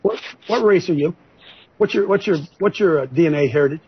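A man leading a preaching-style group discussion on a video call, addressed as coach, animated and repetitive as he calls on listeners one by one. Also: a little high, a little fast, slight background noise. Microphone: video call microphone. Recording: muffled video call audio.

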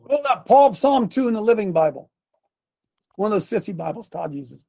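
A high-voiced man delivers a fiery sermon, swinging from emphatic shouting to sarcastic asides. He reads scripture aloud and calls directions to the crew between passages. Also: animated, moderate pace, vocal fry. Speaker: pastor.

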